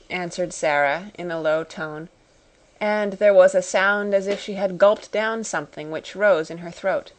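A woman narrating a classic storybook audiobook in a measured, even manner. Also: fairly low pitch.

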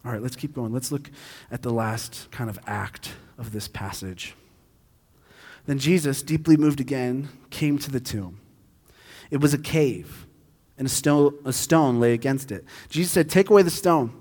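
A man preaching a sermon, shifting between quiet, hushed stretches and loud, intense passages. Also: medium pitch, moderate pace, long reverb tail. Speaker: pastor.

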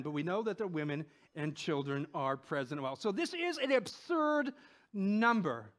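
A man preaching a sermon in a conversational way, often asking "right?", swinging between loud emphatic peaks and soft low asides. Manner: conversational, with frequent rhetorical "right?".

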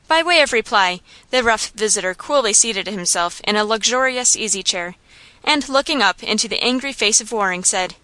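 A woman narrating an audiobook in a steady, clear storytelling manner. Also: mid-range voice, normal speed, no room sound. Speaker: audiobook reader.

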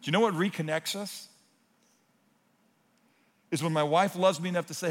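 A man preaching a sermon. He talks in earnest, swinging between loud, emphatic points and hushed, close asides. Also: fairly high pitch, fairly even intonation, normal speed, pauses often. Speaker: pastor. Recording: long reverb of a large hall.

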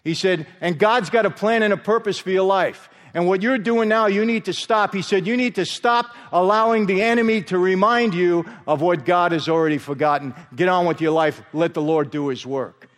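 A middle-aged guest speaker gives an emphatic testimony sermon, telling his story and repeatedly calling out to the audience as "people." His voice sits high, he moves at a normal speed with hardly any pauses, and a long hall reverb trails his words.

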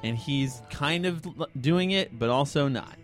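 Guy telling a creepy story to his buddies, rambly, mid pitch, little music underneath. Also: a little slow. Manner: rambling, animated retelling with acted quotes. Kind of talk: casual storytelling chat.

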